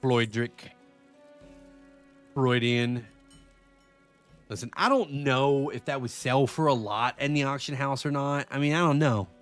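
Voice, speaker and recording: A man chatting casually to viewers while streaming a game, swearing a lot and swinging between excitement and frustration. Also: mid-range voice, unhurried, pauses often, faint music behind. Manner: profane, excitable, talks to chat. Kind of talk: live-stream gameplay chat.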